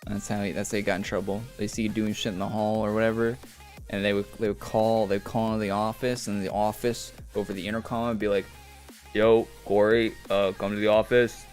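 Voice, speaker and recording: Rambling young man streamer, low voice. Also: level tone, quick pace, darkish tone. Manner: rambling storytelling with laughs. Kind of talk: casual stream chat. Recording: faint music behind.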